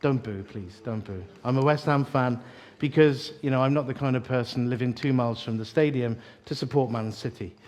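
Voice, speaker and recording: Guy preaching, lively storyteller, cracks jokes, asides to the crowd, mid pitch. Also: a little fast, few pauses. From East London. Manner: animated, joking storyteller with asides to the audience. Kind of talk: sermon.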